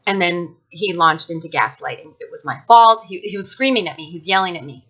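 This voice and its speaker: A woman's voice: on the low side, fairly quick, bright, forceful tone, highs cut off. A woman speaking frankly and emphatically about her own experience in a casual talk to camera, with many fillers and restarts. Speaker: vlogger sharing personal experience.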